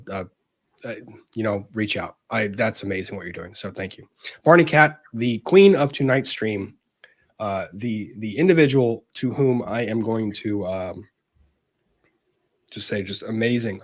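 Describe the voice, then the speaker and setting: A man's voice: fairly low pitch, moderate pace. A man hosting a casual livestream, earnestly thanking viewers as he reads out their super chats.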